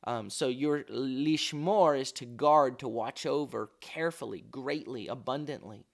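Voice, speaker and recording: A man teaches a morning devotional at a middle pitch, earnest and unhurried. He thinks aloud, restarting phrases and filling pauses with "um" and "uh". He stops to sound out Hebrew words as he unpacks them. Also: gravelly. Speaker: pastor.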